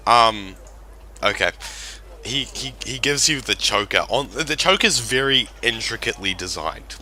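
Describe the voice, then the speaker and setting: A man's voice: mid-range voice, expressive, unhurried, sharp tone, slight background noise. A man, narrating a tabletop game as game master in a rambling way and laughing often.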